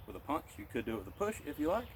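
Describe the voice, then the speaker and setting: Calm man cueing breaths in a qigong lesson. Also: on the high side, very fast, slight background noise. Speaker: martial arts instructor.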